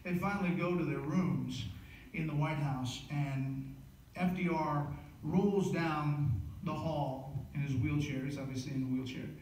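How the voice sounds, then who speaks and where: A man, an author giving a book lecture, telling history as animated stories, recorded from a distance in an echoey hall. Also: fairly high pitch, a little slow, slight background noise. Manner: animated storytelling with frequent fillers and restarts. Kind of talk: storytelling lecture.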